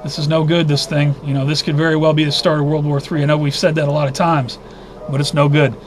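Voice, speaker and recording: Male host, high voice, agitated news roundup, faint hiss behind. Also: level tone, quick pace. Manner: agitated, indignant, thinking aloud with restarts. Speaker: host of a weekly news briefing. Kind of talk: casual news roundup commentary.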